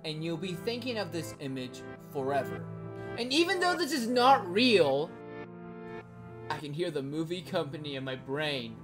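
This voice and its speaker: A woman video creator talks through a casual commentary vlog over background music, blunt and joking, swearing casually and rambling with lots of "likes." Her voice is low-pitched and very animated, at normal speed.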